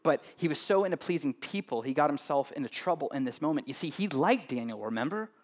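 A man's voice: a little high, expressive, fast. A man preaching a sermon as pastor, talking to the congregation in a loose, conversational way, often adding "right?" and joking with them.

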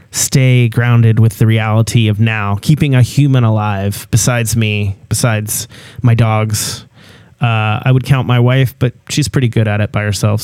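A man in his forties hosts a podcast, talking in a loose, rambling way with plenty of ums. His voice sits at an ordinary pitch. The sound is close and dry, with no room around it. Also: darkish tone, clean tone, no room sound. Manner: rambling, easygoing, lots of fillers. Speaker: podcast host. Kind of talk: casual interview chat.

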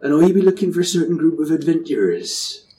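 A man's voice: very animated, dark tone, slight background noise. A man doing Gravesby, a shifty West Country rogue. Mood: sly. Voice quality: hammy drawl. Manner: wheedling, flusters into high rapid denials. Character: shifty hooded male informant, sly and nervous.

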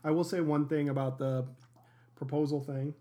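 Guy chatting at home on his podcast, relaxed and jokey, dry humor. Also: fairly high pitch, normal speed. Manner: easygoing, wry joking. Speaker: podcast co-host. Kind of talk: casual chat.

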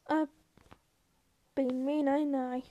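A woman reading aloud, voicing a gruff, weary ranch hand who scolds his friend. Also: sits high, level tone, takes it slowly, mellow, muffled recording.

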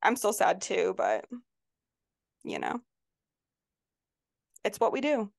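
A woman's voice: medium pitch, huge pitch swings, takes it slowly, creaky, dry recording, studio quality. Playful, joking woman podcast co-host. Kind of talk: casual chat.

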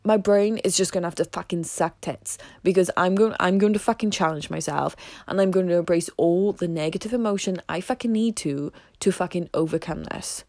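A woman's voice: lowish voice, fairly quick, darkish tone, dry recording. A woman vlogging in a casual, fired-up monologue about a fitness challenge, swearing heavily and speaking with intense emphasis.

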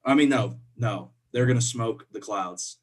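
A man's voice: medium pitch, unhurried, husky. A young man from co-hosting a casual sports podcast, playful and laughing often as he trash-talks.

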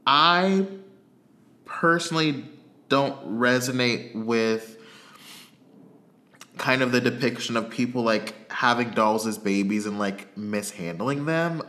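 A man's voice: medium pitch, takes it slowly, pauses often, pushed and bright. A man co-hosting a podcast in casual chat, giving frank, blunt verdicts with hesitant restarts. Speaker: podcast co-host. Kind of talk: casual chat reviewing a reality show.

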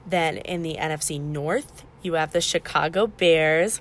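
A woman whose voice sits low hosts a casual podcast at a measured pace. She walks beginners through the basics step by step, chatty in tone and correcting herself as she goes.

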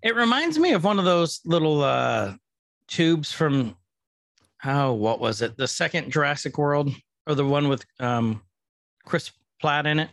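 A man's voice: on the high side, big pitch swings, measured pace, a bit bright, no room sound, clean studio sound. A man co-hosting a casual podcast, chatting and joking as he recaps an episode. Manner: playful, jokey, retells scenes. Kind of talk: casual chat.

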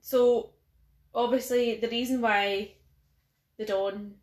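A woman's voice: on the high side, steady tone, takes it slowly. A Scottish woman chatting casually on a podcast, retelling a film plot with lots of fillers and hedges. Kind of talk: casual chat. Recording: echoey room.

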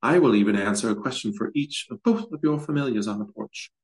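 A man reading aloud and voicing an ancient monstrous female swamp hag who speaks with slow, hushed, purring menace. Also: medium pitch, natural voice, poor audio. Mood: coy.

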